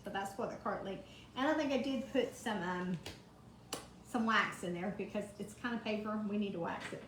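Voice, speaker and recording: A woman's voice: on the high side, a little hiss or hum. A woman chatting through a live craft demonstration, greeting viewers by name from her home kitchen. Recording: echoey kitchen, faint ambience.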